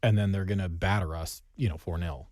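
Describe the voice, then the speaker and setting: A man with a very low, mellow voice chats casually about a match. He is dry and wry, and the sound is close and dead with no room echo. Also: steady tone, fairly quick. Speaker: podcast co-host. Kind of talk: casual sports chat.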